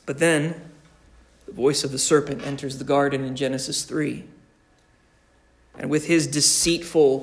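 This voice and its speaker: A male pastor delivers his sermon at an unhurried, measured pace. His voice sits a little higher than most men's, and he leans hard on repeated phrases for emphasis. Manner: preaching with slow, deliberate emphasis and repeated phrases.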